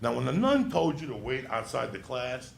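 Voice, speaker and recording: A man's voice: medium pitch, big pitch swings, normal speed, vocal fry, slight background noise. A man telling a rowdy childhood story on stage as a stand-up comedian, swearing and laughing as he goes.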